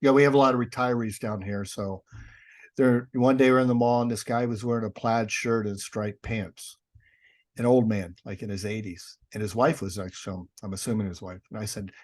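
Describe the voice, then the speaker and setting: A man's voice: fairly low pitch, fairly even intonation, fairly quick, a little mellow. A middle-aged man, a guest on a podcast, casually telling sarcastic stories and acting out the dialogue. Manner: wry and sarcastic, acts out dialogue in his anecdotes. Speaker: guest, paranormal investigator and author. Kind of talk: casual storytelling.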